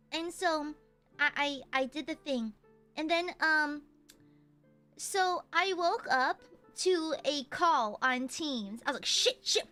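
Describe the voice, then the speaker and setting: A young woman with a very high, bright voice chats on her livestream, thanking donors. She is bubbly and giggly, tossing in casual swears. Soft music plays faintly underneath. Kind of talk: casual chat reading donations.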